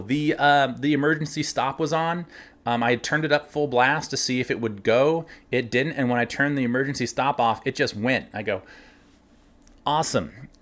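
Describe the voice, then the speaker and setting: A man casually telling workplace stories, animated, laughing now and then and acting out the lines of others. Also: medium pitch. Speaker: winery cellar worker telling stories. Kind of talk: casual storytelling.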